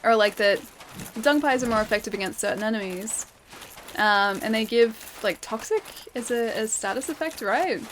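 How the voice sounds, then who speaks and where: A woman's voice: fairly high pitch, moderate pace. Chatty Australian woman streaming a game. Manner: chatty, laughs often, thanks viewers while playing. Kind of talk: live gameplay commentary. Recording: steady background noise.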